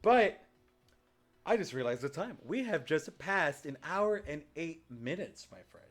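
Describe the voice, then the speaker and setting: A man's voice: on the high side, big pitch swings, a little slow, soft background music. A man hosting a podcast in casual chat, loose and rambling with lots of fillers. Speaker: podcast host.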